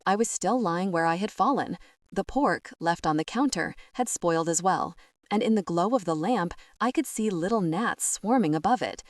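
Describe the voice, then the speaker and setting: Woman, audiobook narration, low voice, measured and quiet, dry close recording. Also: animated, dry recording. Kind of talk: scripted literary narration.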